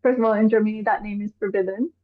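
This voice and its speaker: A woman from Iran, an activist guest on a live online show, talking in an animated way and firing off exasperated rhetorical questions. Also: mid-range voice, racing. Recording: tinny phone-like call audio.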